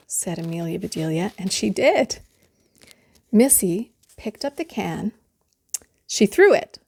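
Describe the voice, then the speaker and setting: Woman storyteller, mid-pitched, gentle and unhurried, reading a bedtime picture book. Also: sing-song, vocal fry.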